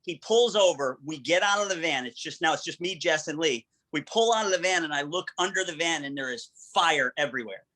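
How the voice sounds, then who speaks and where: A man with a bright, forceful voice tells a long road story over a video call. He drives it with energy and acts out each quoted line. His voice sits a little above the usual for a man. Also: fairly high pitch, a little fast, few pauses, low-quality recording. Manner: energetic, vivid storyteller who quotes dialogue. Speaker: guest. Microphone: video call microphone.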